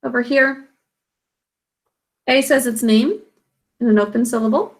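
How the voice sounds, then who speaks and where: Slow, patient woman teaching spelling. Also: a little high, fairly even intonation. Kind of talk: recorded spelling lesson.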